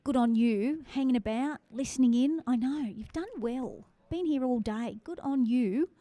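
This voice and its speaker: A woman's voice: on the high side, moderate pace, warm tone, no room sound. A woman with a Western Sydney Australian accent hosting a live-streamed photography judging, calling scores and chatting with the audience. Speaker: photography awards host.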